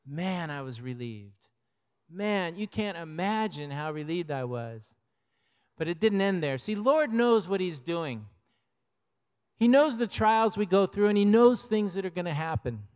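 Older man, pastor, high voice, conversational sermon, personal stories, long hall reverb. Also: big pitch swings, measured pace, a little mellow, clear, resonant tone.

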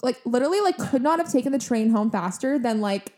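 A young woman in her twenties co-hosting a casual podcast. Her voice sits a little high, and she tells her story in a loose, animated way, leaning on "like" and acting out what others said. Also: fast. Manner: animated, heavy use of "like", acts out quotes. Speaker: podcast co-host.

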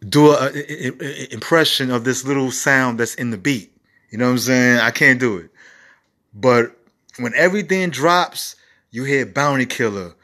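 Bright-voiced man hosting a music review show. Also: mid-range voice. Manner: profane, rambling, enthusiastic. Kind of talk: casual music review monologue. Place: home recording setup.

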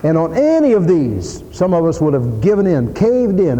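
Emphatic preacher in a reverberant hall. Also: male voice, fairly high pitch, big pitch swings, moderate pace, hardly any pauses, muffled recording. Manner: emphatic, repeating lines and rising to shouted peaks. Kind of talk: sermon.

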